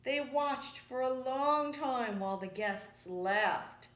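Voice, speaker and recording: A woman narrating a children's picture book aloud, with gentle, measured narration. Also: high voice, animated. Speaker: storyteller. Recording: echoey room.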